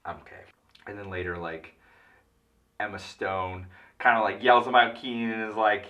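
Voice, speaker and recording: A drunk man retelling a film in a rambling, halting way, full of filler words. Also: on the low side, little pitch movement, far from the mic, highs cut off. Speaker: comic film recapper.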